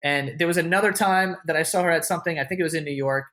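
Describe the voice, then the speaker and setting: A man's voice: fairly high pitch, fast, pushed and bright. A man as an interview guest, telling a story in a casual, loose way, full of "like" and "you know", with a lot of swearing. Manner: acts out what others said with a raised voice. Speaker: interview guest, content creator.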